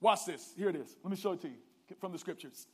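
A man preaching a sermon, calling out to the congregation and swinging from hushed asides to shouted climaxes. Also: sits high, fast, husky. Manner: calls out to the congregation.

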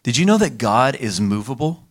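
A man preaching a sermon as pastor, leading the congregation in call-and-response and slowing down for emphasis. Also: medium pitch, very animated. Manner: leads the congregation in call-and-response, varies his pace for emphasis.

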